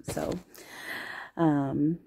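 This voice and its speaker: A woman with a low, gravelly voice rambles to her viewers, giggly and self-teasing. Her tone is mellow and dark, and she speaks close to the camera. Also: fairly even intonation, very slow. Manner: affectionate toward viewers. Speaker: spiritual channeler and vlogger. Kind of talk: casual chat to camera. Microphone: camera close to face.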